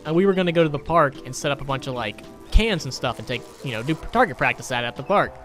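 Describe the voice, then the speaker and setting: A man's voice: mid-range voice, expressive, quick pace, fairly bright tone, faint music behind. Crude, sarcastic young man telling a story. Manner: crude, sarcastic, rambling anecdotes. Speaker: gaming YouTuber. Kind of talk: storytelling over gameplay commentary.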